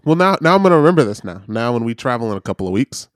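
A man's voice: mid-range voice, big pitch swings, rapid-fire, dry recording, clean studio sound. A man co-hosting a podcast in casual chat, teasing his co-host and giving half-joking advice. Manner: teasing, gives advice, mock-soothing.

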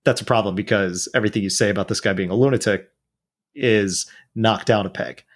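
A man's voice: lowish voice, a little fast. A man talking politics in a casual chat, blunt and profane, rambling with restarts.

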